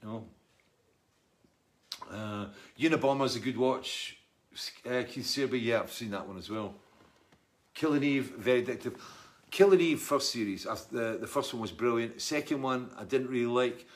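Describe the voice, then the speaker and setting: A middle-aged Scottish man and musician, chatting casually and wryly as he reads out and answers viewer comments. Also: medium pitch. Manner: rambling, chatty, wry. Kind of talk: casual live chat reading comments.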